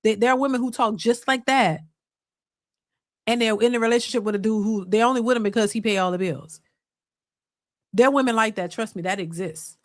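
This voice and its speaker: A woman hosts a live reaction stream, reading viewer messages aloud and reacting with big exclamations. Her voice sits fairly high and she talks straight to her audience. The sound is dry and close. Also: a little fast, pauses often, no room sound.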